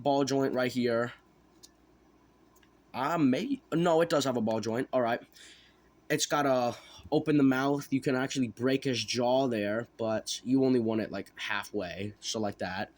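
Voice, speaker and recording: A man talks through a toy figure review in a loose, unscripted way. He rambles, second-guesses details and corrects himself mid-sentence, with an ordinary mid-pitched voice. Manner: rambling, self-correcting, thinking aloud. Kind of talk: casual product review.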